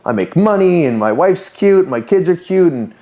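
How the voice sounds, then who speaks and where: With a high-pitched voice at a moderate pace and the highs cut off in the audio, a man in his 30s recounts personal stories as a podcast guest. He's a business owner, candid and animated, using quoted voices in casual interview storytelling.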